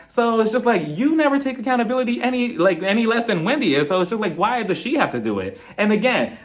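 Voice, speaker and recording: A young man with a high, very lively voice, talking through a reality show episode in a casual, sassy way. He swings his pitch all over the place, acts out what the cast members say, and chuckles as he goes. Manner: animated, acts out the cast's lines in quotes; chuckles often, playful and sassy. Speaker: reality TV recap vlogger. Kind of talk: casual episode review commentary.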